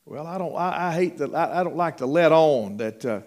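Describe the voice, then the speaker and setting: Folksy preacher, fairly high voice. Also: male voice, lively intonation, moderate pace, darkish tone. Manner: folksy, rambling, with many fillers and restarts. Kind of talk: sermon.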